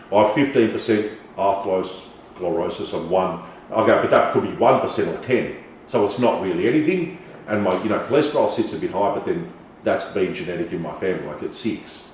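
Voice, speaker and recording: A middle-aged man telling lively stories as a podcast guest. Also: fairly low pitch, very echoey, distant mic, a little hiss or hum, poor audio. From Australia. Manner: animated, swearing, storytelling with acted quotes. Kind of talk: casual storytelling interview.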